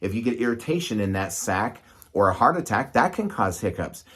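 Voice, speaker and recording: A man's voice: lowish voice, big pitch swings, fairly quick, a bit bright, breathy edge. Conversational male doctor explaining medicine. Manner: conversational, asks "right?" often, gestures to demonstrate.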